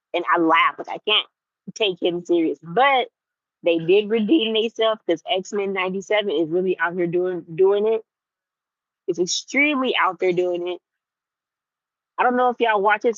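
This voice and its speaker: A young woman vlogging in a casual, animated rant to her viewers, repeating herself for emphasis. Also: mid-range voice, no room sound, muffled recording. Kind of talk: casual ranting chat to viewers.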